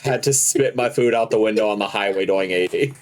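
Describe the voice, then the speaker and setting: A podcast co-host with a lowish voice talks a little fast in casual chat. He tells stories animatedly, laughing as he goes.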